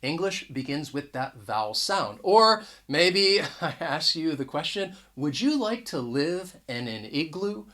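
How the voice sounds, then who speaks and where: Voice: mid-range voice, big pitch swings, unhurried, few pauses, a bit bright. An English teacher giving a casual video lesson to camera, talking in a conversational way, often restarting words and stressing the key points. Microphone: camera mic.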